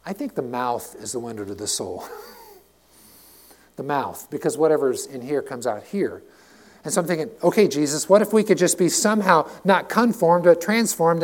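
A middle-aged man, a pastor preaching a sermon in a passionate, conversational way, swinging between loud emphatic lines and quiet asides. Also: on the high side, lively intonation, moderate pace.

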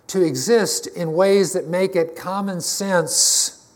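A pastor with a high-sitting voice preaches slowly to his congregation. His sermon is conversational and emphatic, and he frequently restarts his phrases.

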